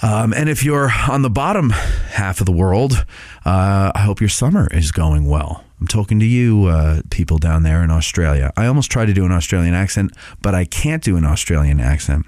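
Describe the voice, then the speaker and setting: Low-voiced man rambling through a show update. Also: lively intonation, moderate pace, a little mellow, no echo, studio quality. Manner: rambling, many filler sounds and restarts. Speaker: podcast host.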